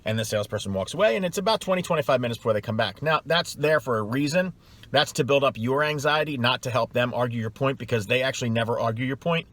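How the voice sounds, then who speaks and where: A man's voice: medium pitch, quick pace, a bit bright. A middle-aged man coaching salespeople in a blunt, scornful way, hammering his points home through repetition. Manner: emphatic, scornful, repeats points for effect. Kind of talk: blunt advice vlog.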